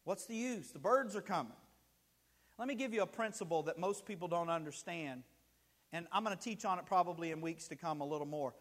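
High-voiced preacher in a reverberant hall. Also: male voice, fairly bright tone. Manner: storytelling preacher, acts out scenes with rising emotion. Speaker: pastor. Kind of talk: sermon. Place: church sanctuary.

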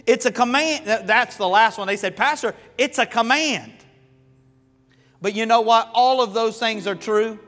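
A pastor from Florida and the American South preaching a sermon, telling stories in a folksy, humorous, animated way. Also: male voice, high-pitched. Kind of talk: sermon with storytelling. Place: church sanctuary. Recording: long hall reverb with faint music.

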